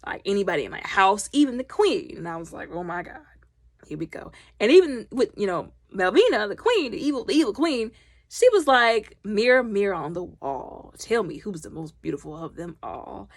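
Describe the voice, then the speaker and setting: Woman talking loud about a movie, acts out the lines, voice jumps all over, dry room. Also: mid-range voice, a little fast, no echo. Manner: animated, acts out characters' lines with voice swings. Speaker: movie reviewer. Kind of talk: casual movie recap.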